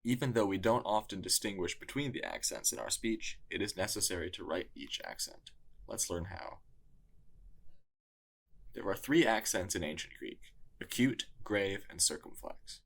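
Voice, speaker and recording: A man narrating a scripted lesson in a measured, explanatory way. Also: sits low, gravelly. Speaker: tutor.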